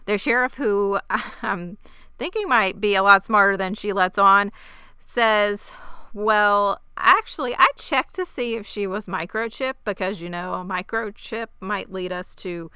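A woman narrates a TV episode's events with amused, easygoing asides. Her voice is very smooth and crisp, bright in tone, and the recording sounds dry and close. She keeps a relaxed, conversational feel. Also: mid-range voice, a little slow, no echo. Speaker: podcast co-host. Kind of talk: casual TV recap chat.

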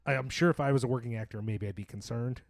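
A man's voice: medium pitch, fast, vocal fry, dry recording, studio quality. Blunt sarcastic man chatting. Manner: blunt, sarcastic, swears casually. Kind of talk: casual chat about movies.

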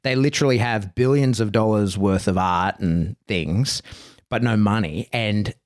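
A man hosting a podcast in a studio, telling stories in a rambling, relaxed, blunt way. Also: on the low side, measured pace, no room sound. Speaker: podcast host. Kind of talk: casual chat.

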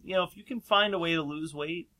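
Quick and bright, this man's highish voice has a forceful edge as he casually spins a long, rambling story in a chat. He laughs a lot and performs the quoted voices himself.

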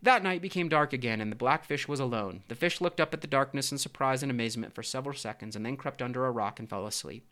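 A man reading a children's story aloud with expressive, steady narration. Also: mid-range voice, fast talker, few pauses.

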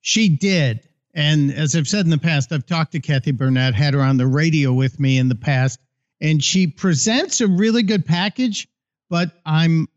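A man co-hosting a political talk podcast, conversational and a bit halting. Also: a little high. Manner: conversational, hesitant restarts. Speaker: podcast co-host. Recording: dull lo-fi sound.

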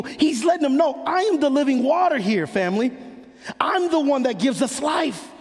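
High-voiced preacher in a reverberant hall. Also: male voice, darkish tone. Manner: impassioned, rhythmic preaching cadence. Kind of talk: sermon. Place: church sanctuary.

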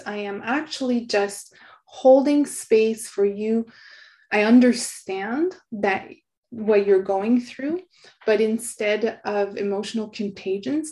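A middle-aged woman, an author being interviewed, speaking in an earnest, soft, reflective way and laughing often. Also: mid-range voice. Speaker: guest, author.

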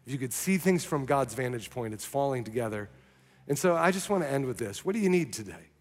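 A young adult male pastor preaching a sermon, telling a personal story in an earnest, animated way. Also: mid-range voice, brisk. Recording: long reverb of a large hall.

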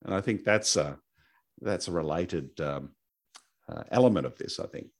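Aussie guy on a podcast, kinda low voice, lots of ums and restarts. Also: lively intonation, normal speed. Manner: hesitant, many fillers and restarts, laughs easily. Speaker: podcast co-host. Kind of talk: casual chat.

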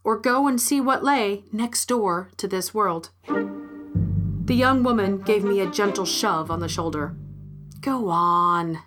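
A woman narrating a short story in a measured, clear reading. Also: medium pitch, faint music behind. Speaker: story reader.

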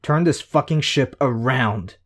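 A man's voice: mid-range voice, unhurried, voice pushed up, natural voice. A man voicing a bitter, hostile young female vigilante who growls clipped threats. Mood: snarling.

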